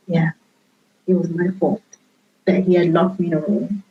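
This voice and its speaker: A woman guest telling her own story candidly in a reflective way, often pausing and restarting her sentences. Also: lowish voice, flat delivery, creaky, mellow, a little hiss or hum. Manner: reflective, with frequent fillers and restarts. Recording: dull lo-fi sound.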